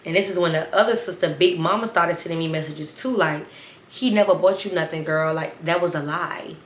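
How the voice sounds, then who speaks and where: A woman, telling a story in a sassy, animated way and talking straight to viewers. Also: fairly low pitch, brisk, roomy sound, slight background noise. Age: 20s. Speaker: storytime vlogger. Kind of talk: casual storytime.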